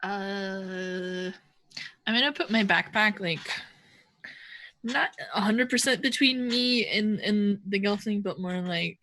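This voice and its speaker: A woman takes her turn in a tabletop game, talking slowly and a little hesitantly, stumbling over words now and then. Her voice is bright and forward. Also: mid-range voice, dry recording. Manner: hesitant, stammering. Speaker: player. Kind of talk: casual tabletop play.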